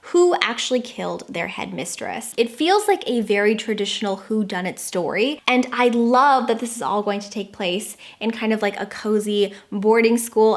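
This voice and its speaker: An American woman giving enthusiastic, casual book recommendations, stretching words for emphasis. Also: medium pitch. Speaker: book reviewer.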